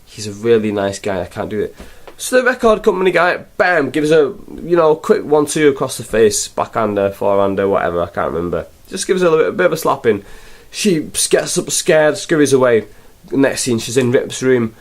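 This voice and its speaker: A man's voice: mid-range voice, lively intonation, a little fast. A young man reviewing a film in a rambling, sarcastic, casual way. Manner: rambling, sarcastic, full of fillers.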